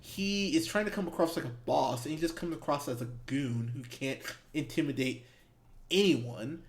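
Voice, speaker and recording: A man with a fairly high voice, speaking at normal speed, co-hosts a movie podcast and rants heatedly and profanely about bad films, breaking into bursts of laughter.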